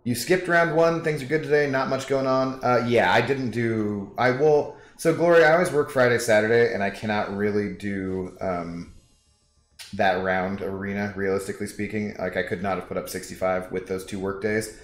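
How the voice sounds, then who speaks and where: A man's voice: fairly low pitch, steady tone, normal speed. A young man casually chatting with viewers during a game livestream, rambling and reading chat messages aloud. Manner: laid-back, rambling, reads chat aloud. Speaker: game streamer. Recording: echoey room with background music.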